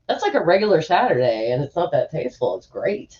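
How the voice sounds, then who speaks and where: A woman's voice: extremely low pitch, big pitch swings, fairly quick, hardly any pauses, warm tone, lo-fi sound. A woman hosting a stream from a room at home, rambling in casual chat with lots of fillers and asides while reading an article aloud. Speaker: streamer host.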